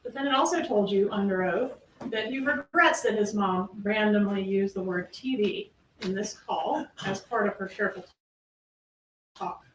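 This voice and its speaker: A woman prosecutor gives an emphatic courtroom closing argument full of rhetorical questions. Her mid-range voice moves at normal speed, captured by a distant mic in an echoey room with faint ambience and slight background noise.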